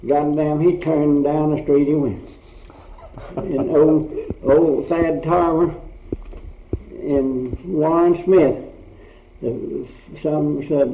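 A man's voice: fairly high pitch, fairly even intonation, slow pace, vocal fry. An older man telling blunt, rambling stories from his past in casual chat, swearing freely. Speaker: storyteller recalling old times. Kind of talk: casual oral history storytelling. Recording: roomy, dull old tape recording.

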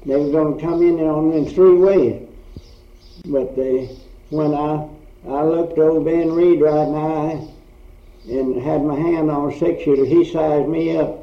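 A man's voice: on the high side, fairly even intonation, a little slow. An older man telling blunt, rambling stories from his past in casual chat, swearing freely. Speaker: storyteller recalling old times. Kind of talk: casual oral history storytelling. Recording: roomy, dull old tape recording.

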